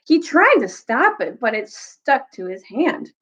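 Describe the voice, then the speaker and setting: A young woman telling a children's story, recapping and reading aloud in a casual, animated way. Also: measured pace, breathy edge, low-quality recording. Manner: animated, jumps high for quoted characters.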